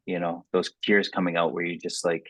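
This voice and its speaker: Laid-back supportive guy hosting a podcast, low voice, dry dull lo-fi sound. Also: flat delivery, a little fast, a bit bright, no room sound. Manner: easygoing, supportive, playful sports metaphors. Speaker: podcast host. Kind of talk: casual interview chat.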